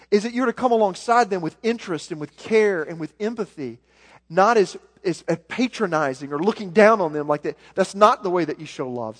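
High-voiced Southern pastor in a hall. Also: male voice. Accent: Southern American. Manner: earnest, repeats words when building a point. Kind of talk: sermon. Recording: long hall reverb.

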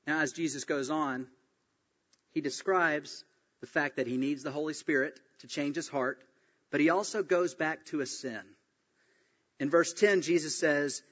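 A man delivers a sermon as pastor, retelling scripture and an anecdote with animated, acted-out voices. His voice sits a little high, and the recording is dull, with a long reverb trailing off in a large hall. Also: moderate pace, slightly rough. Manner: animated storytelling, acts out quoted voices.

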